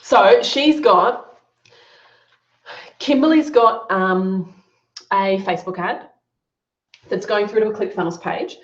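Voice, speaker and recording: A woman's voice: mid-range voice, measured pace. A woman running a live online Q&A as a business coach, giving upbeat, encouraging feedback on students' work. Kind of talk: live Q&A session. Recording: roomy, dull lo-fi sound.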